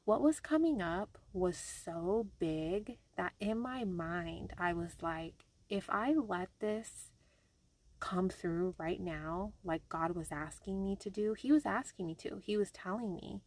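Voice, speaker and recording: A woman's voice: medium pitch, slow pace, a little mellow. A young adult woman speaking candidly in a personal diary vlog, telling a story with a loose, rambling flow full of fillers. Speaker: vlogger.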